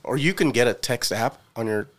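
A man's voice: medium pitch, animated, brisk, fairly bright tone. A man co-hosting a podcast in casual chat, joking and chiming in. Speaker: podcast co-host.

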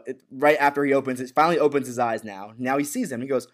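A man talks through a television episode in a loose, casual chat. He rambles, stumbles over repeated words, and slips into the lines he quotes. His voice sits at an ordinary middle pitch. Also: quick pace. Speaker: podcast co-host.

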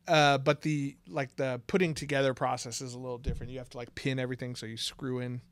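A man's voice: mid-range voice, fairly even intonation, fast. A man chatting casually on a podcast, laid-back, laughing often and using lots of fillers. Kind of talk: casual chat.

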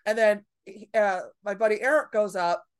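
A woman's voice: mid-range voice, moderate pace, smooth. A woman comedian telling a club story in a casual podcast chat, brash and profane, acting out the people in it. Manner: brash, profane, animated storytelling with acted quotes. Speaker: stand-up comedian.

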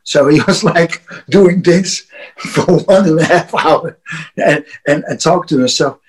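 A man's voice: a little high, a little slow, slightly rough, low-quality recording. A Dutch man with a Dutch accent, a wrestler guesting on a podcast, telling a rowdy, profane story with frequent laughs and restarts. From Netherlands. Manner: laughing often, restarting words, loose and profane. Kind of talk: casual storytelling.

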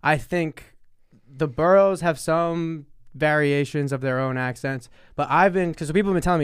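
A man from New Jersey with a New York accent, talking in a rambling, animated casual chat. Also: mid-range voice, fairly quick, clean tone, no echo, studio quality.

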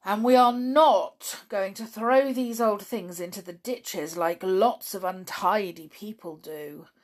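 A woman voicing an eager young male brownie in a children's story, talking brightly and excitedly. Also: medium pitch, takes it slowly. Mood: earnest.

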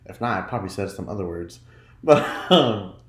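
A chatty man hosting a casual solo podcast, giggling often and swinging his pitch all over as he talks. He keeps slipping into high mock voices when he quotes himself. The sound comes from a roomy space with echo. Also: expressive, normal speed. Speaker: podcast host.

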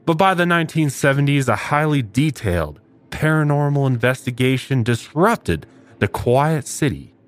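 A male podcast host narrating with theatrical, mock-serious drama. His pitch swings widely from line to line. His voice sits at a middle pitch.

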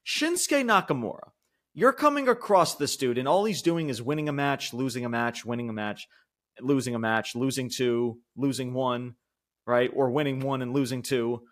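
A man's voice: mid-range voice, moderate pace, a bit bright. A man co-hosting a wrestling podcast, ranting heatedly with lots of swearing and repeated words. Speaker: podcast co-host. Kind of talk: casual wrestling podcast rant.

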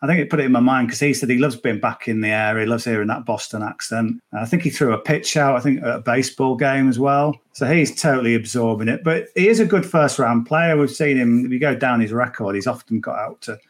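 A man's voice: medium pitch, fast, few pauses. A man chatting casually as a golf betting guest on a podcast, rambling with many restarts and fillers. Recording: remote, at the tournament venue.

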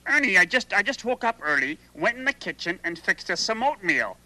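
Tired fussy puppet guy, bright edgy tone, lots of ups and downs. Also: high-pitched, brisk, exaggerated voice, rough recording. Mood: weary. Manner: weary, flat, exasperated replies. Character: fussy, patient male puppet roommate. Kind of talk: children's TV puppet sketch.

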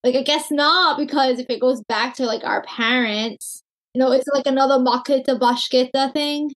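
A woman co-host with a somewhat high voice, chiming in on a casual podcast chat. She reacts with short replies and laughs, then adds her own stories. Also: steady tone, moderate pace, a bit bright.

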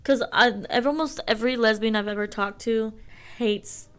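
A young woman from Oklahoma talks bluntly on a podcast and swears freely. Her voice sits a bit higher than most women's. She often repeats what her co-host says. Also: moderate pace, smooth. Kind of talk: casual chat.

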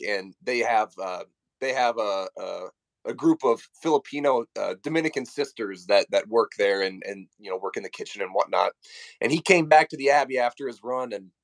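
A man's voice: lowish voice, creaky, no room sound. A young adult man, a podcast guest, telling stories in a casual, easygoing way. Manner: lively, easy storyteller with fillers. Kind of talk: casual chat.

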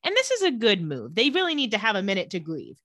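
A woman with a bright, forceful voice chats casually as a podcast co-host, recapping an episode with lots of swing in her pitch. She tells the story with animation and slips into the characters' lines as she goes. The sound is close and dry. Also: quick pace, no echo. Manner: lively storyteller who acts out quoted lines. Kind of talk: casual chat.

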